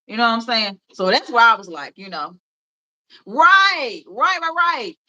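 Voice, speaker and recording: Hosting a livestream, a Memphis-accented woman in her thirties chats casually and unhurriedly, rambling with plenty of fillers and laughter. Her voice sits on the high side with lively intonation and a pushed, bright quality, though the highs are cut off.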